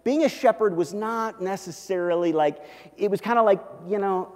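A man's voice: sits high, normal speed, long reverb tail. A male pastor preaching a sermon in a conversational way, often checking in with "okay?".

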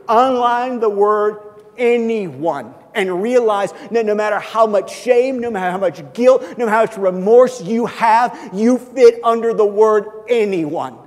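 A man preaching a sermon with a high voice that rings out in a large hall with a long reverb. He swings between loud, urgent passages and hushed, near-quiet moments, and slips into quoted voices as conversational asides. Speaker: pastor.

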